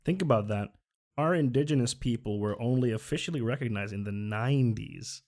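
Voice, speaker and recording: A man's voice: medium pitch, a little fast, darkish tone, soft background music. Earnest male streamer. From Finland. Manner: chatty, earnest, self-correcting. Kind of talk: casual reaction commentary.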